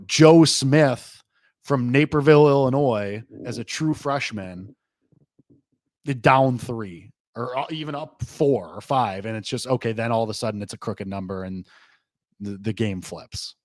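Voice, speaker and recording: A man hosting a live sports betting reaction show, talking loosely and rambling, full of "like", with excitable jumps and low asides. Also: dry recording. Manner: rambling, loose, heavy use of "like"; excitable swings between lively and low asides. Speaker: host.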